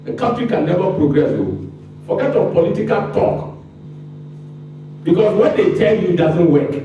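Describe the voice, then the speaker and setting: A Ghanaian man gives a fired-up lecture and pelts his listeners with rhetorical questions. His voice sits high and swings widely, with a mellow, dark tone. He sounds far from the mic in a very echoey room with faint background noise. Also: animated, normal speed, long pauses. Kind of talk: public lecture.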